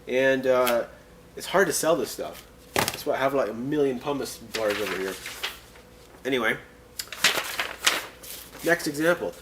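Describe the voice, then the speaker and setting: A man giving a casual English pronunciation lesson, reading example sentences slowly and breaking off for joking asides. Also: medium pitch, lively intonation, background noise.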